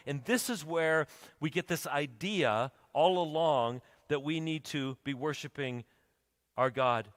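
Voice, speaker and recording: A man's voice: fairly high pitch, fairly bright tone. A man preaching a sermon, telling a story and building to urgent, emphatic appeals. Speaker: pastor. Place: church sanctuary. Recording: church hall reverb.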